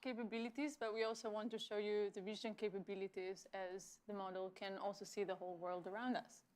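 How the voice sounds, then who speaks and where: A woman presenting at a live tech demo, polished and clear in her transitions. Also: medium pitch, little pitch movement, a little fast, a little mellow.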